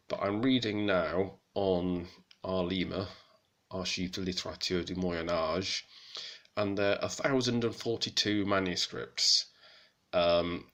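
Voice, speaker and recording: Male presenter, deep and crisp-edged, casual teaching, hesitant and self-correcting. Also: sharp tone. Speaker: hobbyist presenter of Old French texts. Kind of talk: casual spoken lesson.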